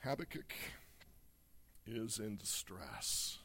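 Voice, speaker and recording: Slow, earnest male preacher. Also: lowish voice, wildly swooping pitch, pushed and bright, a little hiss or hum. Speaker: pastor. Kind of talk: sermon with scripture reading.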